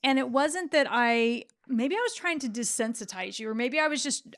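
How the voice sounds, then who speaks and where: A woman's voice: high-pitched, animated, normal speed, fairly bright tone. A middle-aged woman, a therapist hosting a podcast, telling stories in a reflective, casual way with frequent restarts.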